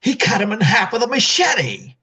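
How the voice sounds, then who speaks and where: A man's voice: on the high side, big pitch swings, moderate pace, fairly bright tone, full character voice. A man voicing an angry father who blames his son, quoted in a comic retelling of a film scene. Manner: blaming, gruff. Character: angry grieving farm father.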